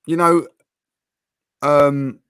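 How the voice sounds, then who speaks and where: Speaking very slowly in a smooth, high-leaning voice, a football fan channel host debates casually with his co-hosts. He's passionate and animated, leaning heavily on fillers and restarts. The recording is dry.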